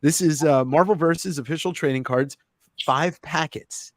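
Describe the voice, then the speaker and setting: A man hosting a casual livestream, with a slightly higher voice than most men. He talks in a rambling, self-mocking, joking way, and the sound is dry with no room echo. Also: moderate pace. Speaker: livestream host. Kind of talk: casual chat.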